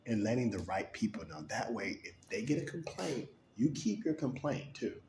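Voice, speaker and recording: A man from New York in a rambling personal monologue, acting out overheard chatter in quick shifting voices and laughing between thoughts. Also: medium pitch, sing-song, darkish tone, reverberant, a little hiss or hum.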